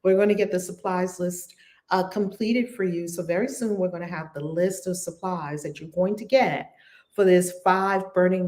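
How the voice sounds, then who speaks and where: A woman with a New York accent, a reverend giving a livestreamed spiritual talk from her home, full of repeated affirmations, and leading a slow, chant-like guided prayer. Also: medium pitch, a little mellow.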